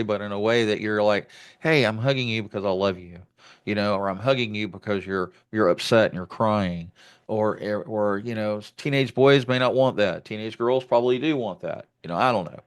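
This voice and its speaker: A man's voice: on the low side, moderate pace, clean tone. A man hosting a podcast interview, talking reflectively about fatherhood with many restarts. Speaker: podcast host. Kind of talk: conversational interview.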